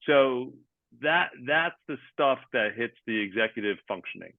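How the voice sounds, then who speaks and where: Man, guest coach, hesitant, explanatory, gravelly, dry thin phone-like audio. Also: mid-range voice, lively intonation, measured pace, dry recording. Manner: hesitant, many ums, explains step by step. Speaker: sports coaching manager, guest. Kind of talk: explanatory interview answers.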